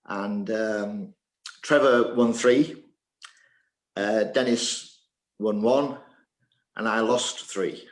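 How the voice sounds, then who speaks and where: A man's voice: fairly low pitch, steady tone, very slow, long pauses. Older english guy, ex table tennis coach, chatting in a q&a, lots of ums and restarts, roomy echoey sound. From England. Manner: hesitant, many fillers and restarts. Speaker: interview guest, former table tennis player and coach. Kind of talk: casual reminiscing in a Q&A.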